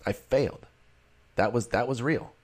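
A man's voice: mid-range voice, normal speed, a little mellow, slightly rough. A man hosting a solo fantasy baseball show, talking casually and rambling in a self-deprecating way. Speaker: fantasy baseball podcast host.

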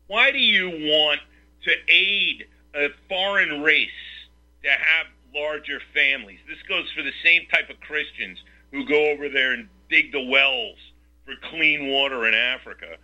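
A man's voice: fairly high pitch, bright, forceful tone. A man hosting a talk radio show, ranting combatively and firing off rhetorical questions. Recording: lo-fi radio sound.

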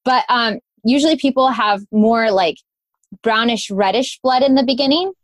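A woman's voice: on the high side, normal speed, no echo. A woman speaking as a guest on a casual podcast, explaining things in a chatty, informal way full of "like" and "um". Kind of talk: casual conversational interview.

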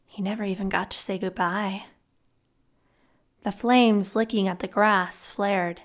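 A woman reading a fantasy novel aloud as scripted narration, in a subdued, measured voice. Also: mid-range voice, steady tone. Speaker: audiobook narrator.

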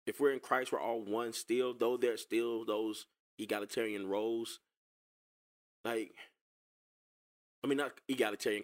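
Talking to viewers about a video clip, this man delivers casual reaction commentary. His tone is sarcastic and lively, his pitch medium, and he tends to say things more than once.

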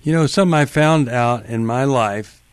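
A man's voice: mid-range voice, moderate pace, smooth, dry recording. A male radio talk show host giving earnest, emphatic and empathetic advice to callers in a studio.

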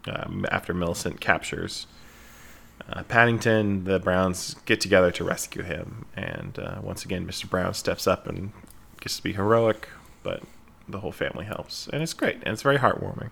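A man hosting a casual podcast and recapping a movie in a relaxed way, with fillers and laughs, on a remote call. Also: low-pitched, normal speed, creaky, breathy edge. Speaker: podcast host.

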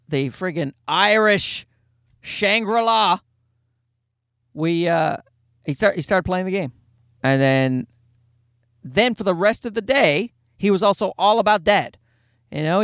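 A man's voice: high voice, a bit bright, no room sound, clean studio sound. A man, a father, casually telling a rambling, self-mocking anecdote in a jokey monologue.

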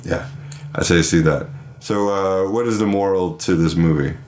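A man with a very low voice hosts a casual podcast. He chats loosely and plugs the website without fuss. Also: normal speed. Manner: plugs the website in a relaxed, offhand way. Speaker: podcast host. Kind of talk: casual chat.

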